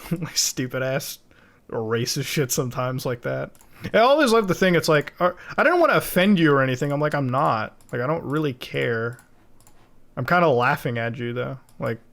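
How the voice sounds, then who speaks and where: Young guy ranting on stream, swears a lot, voice sits a bit high, desk mic. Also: fairly bright tone. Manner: rambling, profane, laughing asides. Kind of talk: casual stream chat while video editing. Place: home streaming setup.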